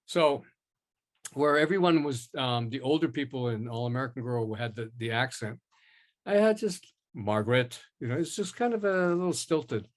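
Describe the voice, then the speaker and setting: An older man talks through his career in a relaxed interview, at an ordinary middle pitch. He rambles and backtracks, breaking into quoted dialogue as he goes. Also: moderate pace. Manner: rambling, animated, with many restarts and acted-out quotes. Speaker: actor, interview guest. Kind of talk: casual interview storytelling.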